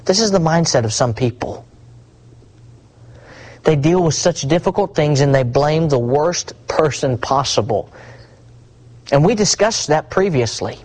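Guy preaching a sermon, pitch all over the place, goes quiet then builds up big on the repeats. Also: expressive, measured pace, pauses often, low-quality recording. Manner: swings between hushed asides and rising emphatic repetition.

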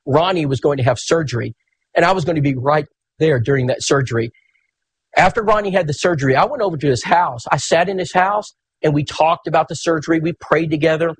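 A man, preaching in a folksy, animated storytelling sermon. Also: a little high, brisk, husky.

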